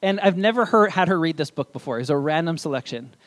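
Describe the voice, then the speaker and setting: A man's voice: fairly high pitch, lively intonation, fast. A young adult man preaching a sermon in church, in a casual, conversational way with asides. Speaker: pastor.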